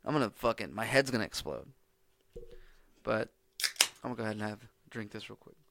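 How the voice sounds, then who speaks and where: A man's voice: lowish voice, lively intonation, brisk, creaky, heavy background noise. A man hosting a solo podcast, chatting casually in a rambling, profane, laid-back way. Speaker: podcast host.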